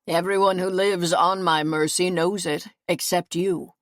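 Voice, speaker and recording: A stern medieval lord lays down the law with cold, measured authority, as a woman reading an audiobook gives him voice. The voice sits low and close in a dry, dead room. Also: steady tone, no room sound, lightly acted. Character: stern commanding medieval lord, adult man.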